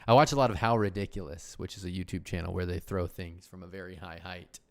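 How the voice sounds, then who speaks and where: A man's voice: low-pitched, fairly even intonation, fast talker, hardly any pauses. A man hosting a casual livestream chat, rambling and cutting himself off, laughing often. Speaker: host.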